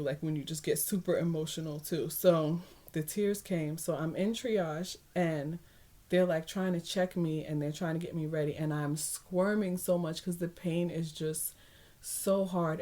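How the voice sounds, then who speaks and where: A woman's voice: low-pitched, mellow. A young woman vlogger telling a personal story in a casual way, laughing often and acting out the voices of people she quotes.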